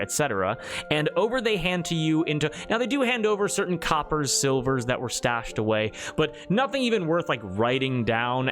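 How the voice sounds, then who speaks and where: A man's voice: medium pitch, a bit bright. A man running a tabletop game as game master, narrating in a loose, rambling way with many fillers.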